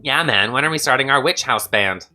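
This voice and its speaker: A woman's voice: a bass voice, expressive, fairly quick, sharp tone, soft background music, exaggerated voice. A woman reading the lines of a laid-back, friendly tattooed man in a dating game, in near her own voice. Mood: easygoing.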